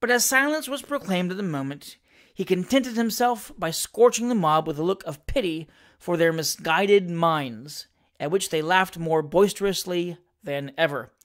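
An audiobook reader telling a classic comic novel aloud with expressive storytelling. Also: medium pitch, moderate pace.

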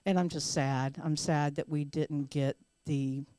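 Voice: medium pitch, fairly even intonation, unhurried, warm tone, no room sound. A podcast host speaking earnestly and measuredly about local matters. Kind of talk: casual podcast talk.

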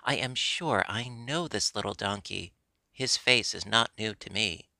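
A man voicing an earnest wooden puppet boy in a storybook reading, pleading and excitable. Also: on the low side, a little slow, gravelly, no echo, exaggerated voice. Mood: troubled.

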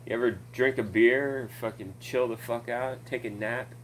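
A man's voice: medium pitch, fairly even intonation, moderate pace, slight background noise, rough recording. A man ranting casually about a video game, rambling and swearing, with many fillers and laughs, recorded at home on a desk mic. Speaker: gaming commentator.

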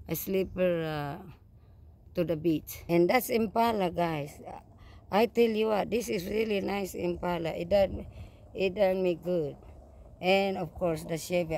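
A woman's voice: on the low side, creaky, a little mellow. An older woman with a Filipino accent, a truck driver vlogging casually outdoors at a campground and talking straight to her viewers. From Philippines. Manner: upset, talks straight to viewers with repeated "guys" and "okay". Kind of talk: casual vlog walkthrough. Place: outdoors at a campground, then inside a small home.

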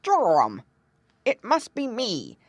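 A very old, wise male frog from a storybook, put on by a woman narrator. He bursts out in loud, startled cries, with a voice that leaps up and down. The reading is close and dry. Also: fairly high pitch, huge pitch swings, slow, dry recording, pitched above the performer's own voice, full character voice. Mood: bewildered.

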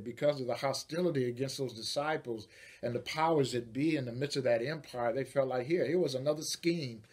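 A man, a pastor, preaching a sermon, moving from quiet storytelling to loud, rising declarations. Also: medium pitch, breathy edge.

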